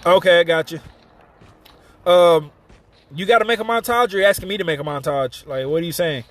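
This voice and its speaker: This streamer's voice is high, brisk, and a little bright. Playing a game live, he keeps things chatty and casual, retelling a story between rounds and thanking his viewers.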